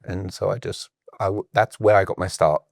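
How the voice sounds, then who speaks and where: A middle-aged man with a British accent talks as a guest on a podcast, with a somewhat low voice. He tells his stories with animation and acts out the people in them. The sound is close and dry, with no room echo. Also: normal speed, creaky. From Britain. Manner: animated storyteller who acts out quoted exchanges. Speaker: sales coach and guest. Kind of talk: casual podcast conversation.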